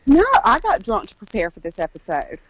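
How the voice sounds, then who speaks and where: Squeamish, lively-voiced woman. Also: medium pitch, brisk, poor audio. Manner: squeamish, giggly, expressive. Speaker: podcast co-host. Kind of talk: casual chat.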